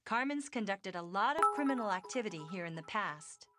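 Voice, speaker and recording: Woman voicing a calm detective explaining facts. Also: medium pitch, brisk, over loud music, close to an everyday voice. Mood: informative. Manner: calm, explanatory, fact-sharing. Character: level-headed female detective, former rookie, informative. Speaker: game character, detective partner. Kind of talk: video game voice acting.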